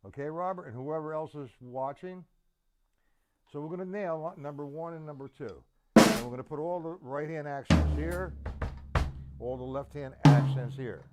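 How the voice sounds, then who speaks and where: A man teaching a drum lesson, counting the beats aloud slowly and emphatically. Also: a little high, lively intonation, loud music behind the voice. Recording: loud drum kit over voice. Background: loud drums.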